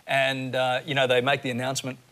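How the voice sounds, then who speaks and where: An Australian man co-hosting a comedy panel show, telling animated stories and laughing mid-sentence, with studio audience laughter behind. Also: medium pitch, brisk. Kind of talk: joking panel chat.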